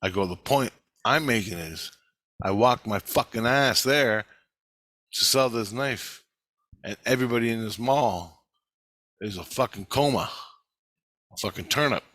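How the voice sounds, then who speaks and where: A man's voice: mid-range voice, a little slow, pauses often, fairly bright tone, no room sound. Agitated profane man ranting. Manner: profane, agitated, repeats himself. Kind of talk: angry rambling monologue.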